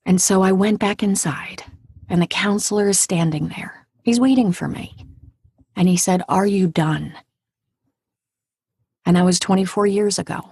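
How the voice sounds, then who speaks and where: A woman in her forties, an actor and audiobook narrator, telling a personal story in an interview with vivid, dramatic delivery that drops to a hush at tense moments. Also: medium pitch, normal speed, breathy edge, no echo, studio quality. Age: 40s.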